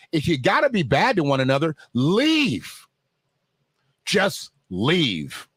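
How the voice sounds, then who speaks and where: A man's voice: on the high side, fairly bright tone, no room sound. A man hosting a livestream, talking straight to his viewers in a loose, joking, conversational way. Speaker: livestream host. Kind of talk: casual livestream commentary.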